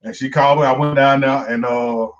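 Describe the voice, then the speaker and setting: Animated man spinning a story. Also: medium pitch, brisk. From Monroe, Georgia, US. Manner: profane, animated, repeats words as he restarts. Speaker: comedian guest. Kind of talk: storytelling in casual interview. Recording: dull lo-fi recording.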